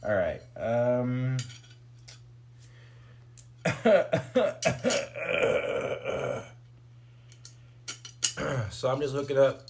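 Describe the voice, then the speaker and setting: Casting: mid-pitched man, offhand streamer rambling as he builds gear at home. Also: vocal fry, a bit bright. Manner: rambling, loose, joking asides to chat and dog. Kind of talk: casual live-stream commentary while building.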